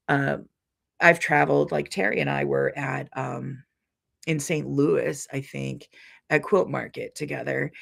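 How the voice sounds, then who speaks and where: A middle-aged woman hosts a relaxed live stream, talking in a loose, rambling way full of ums and restarts. Her voice is deeply gravelly and husky. She reads viewers' comments aloud and answers each one. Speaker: quilting channel host reading live comments. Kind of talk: casual live-stream chat.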